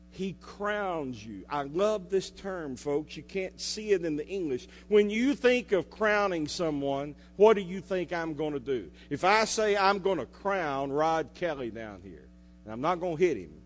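High-voiced male preacher in a big hall. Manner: preaching with sharp swings from loud to hushed; asks the congregation questions. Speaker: pastor. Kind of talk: sermon. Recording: reverberant hall with mains hum.

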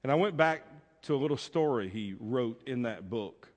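A male pastor preaching a sermon, acting out a story theatrically and swinging between loud proclamations and hushed asides. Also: medium pitch, lively intonation, moderate pace. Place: church sanctuary. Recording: long reverb in a church.

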